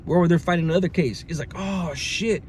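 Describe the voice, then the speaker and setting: A man's voice: fairly high pitch, steady tone, very fast, a little mellow. A man telling a story from his time in jail in a casual, slang-heavy way, with many fillers and restarts. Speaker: storyteller recounting jail experience. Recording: faint background noise.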